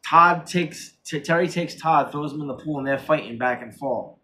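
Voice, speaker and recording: Excitable man retelling a horror plot. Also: fairly high pitch, moderate pace. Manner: excited, rambling, with many restarts and corrections. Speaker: horror movie reviewer. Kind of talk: casual chat, retelling a film plot.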